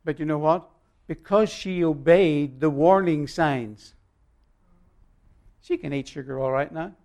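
A male pastor preaching a sermon, emphatic and swinging between loud and quiet, telling stories with long pauses. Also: a little high, gravelly.

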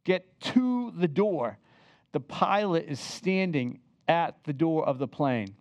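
An older man telling a personal travel story in a lively, chatty way, often turning to the listeners to share a memory. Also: fairly high pitch, slow, no echo, highs cut off. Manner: animated, chatty, asks the listeners to remember with him.

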